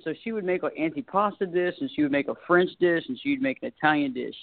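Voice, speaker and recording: A woman's voice: sits low, expressive, fast, gravelly, no room sound. A middle-aged woman with a light Southern drawl talks in a chatty, rambling way, laughing easily as a guest. Her voice comes through a tinny phone line. The sound is dry, with no room around it. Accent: Southern US, light Texas drawl. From Southern United States. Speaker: guest, talk show host and life coach. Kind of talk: casual interview chat.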